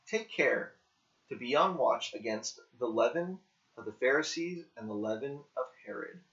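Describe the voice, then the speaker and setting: A man reading the quoted words of a calm male teacher who questions his followers, in a plain, earnest way. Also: mid-range voice, normal speed. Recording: dull lo-fi recording.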